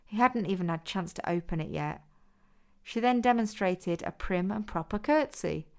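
Clear woman narrating a story. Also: lowish voice, animated, normal speed.

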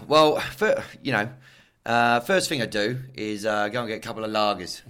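A man's voice: fairly low pitch, normal speed, sharp tone, clean tone. A man voicing a boorish young male English cricket fan in an English accent, rambling through blokey banter.

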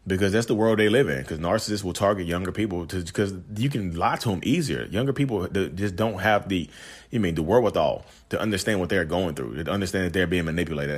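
A young man with a deep voice talks straight to his viewers in a casual vlog. He sounds heated and exasperated as he vents. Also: fast, slightly rough. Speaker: vlogger.

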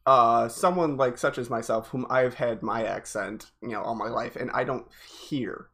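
A man's voice: mid-range voice, normal speed, creaky, fairly bright tone. A man with a Northeastern US accent, voice sitting in a middle range. He talks in a loose, rambling podcast chat, full of restarts and fillers. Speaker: podcast co-host, delivery driver. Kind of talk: casual chat.

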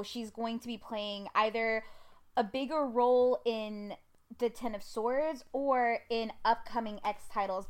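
A woman's voice: medium pitch, a bit bright, clean tone. A woman co-hosting a casual comics podcast, chatty and full of fillers like "um" and "like". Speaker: podcast co-host. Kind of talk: casual fan discussion.

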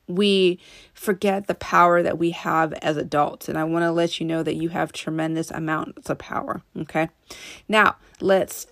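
A woman's voice: fairly low pitch, dry recording, clean studio sound. A woman hosting a self-help podcast, speaking earnestly and directly to her listeners in a casual monologue. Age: adult. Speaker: podcast host.

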